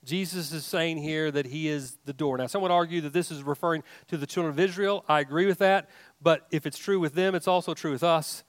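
A man's voice: fairly high pitch, a little fast, dry recording. A man preaching a sermon, emphatic, with rising questions and frequent restarts. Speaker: pastor.

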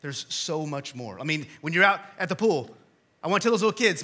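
A male pastor in his thirties preaching a casual, story-driven sermon in a church, swinging between loud emphasis and hushed asides. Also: high-pitched, lively intonation, brisk.

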